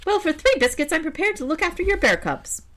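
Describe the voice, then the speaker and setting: A woman voicing a cheeky, bargaining crow in a read-aloud storybook, in a high chirpy voice. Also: big pitch swings, fast, a bit bright, exaggerated voice. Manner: chirpy, high-pitched, cawing.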